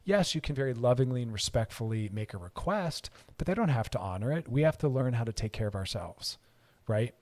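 A man's voice: mid-range voice, animated, fairly quick, a little mellow. A man hosting a radio talk show, speaking earnestly and animatedly as he gives advice in a monologue. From California, United States.

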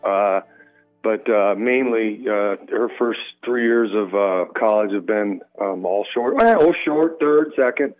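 A man calling in as a radio guest, telling stories in a relaxed way with lots of fillers. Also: lowish voice, measured pace, faint music behind. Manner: relaxed, storytelling, many fillers. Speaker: guest, former pro baseball player. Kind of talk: casual radio interview. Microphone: phone line. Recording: tinny phone line.

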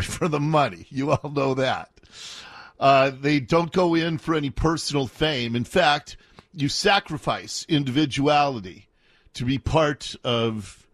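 A man hosting a talk radio show, speaking in an earnest, conversational monologue with pauses and fillers, in a radio studio. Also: medium pitch, dry recording. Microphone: studio microphone.

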